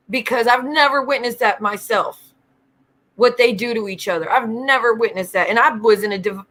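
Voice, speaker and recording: A woman's voice: a little high, bright, forceful tone. A woman hosting a casual livestream, greeting viewers by name and ranting bluntly with lots of swearing. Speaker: livestream host.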